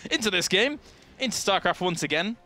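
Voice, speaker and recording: A man's voice: high voice, lively intonation, normal speed, pushed and bright. A young man from England with a southern English accent, commentating a live esports match with chatty, joking banter. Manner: chatty, jokey, laughs often.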